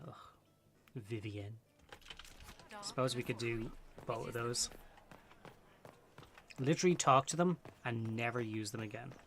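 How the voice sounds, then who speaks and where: A young man streaming a game and talking casually to chat, excitable and swearing freely in his asides. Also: medium pitch, slight background noise. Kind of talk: casual gameplay commentary.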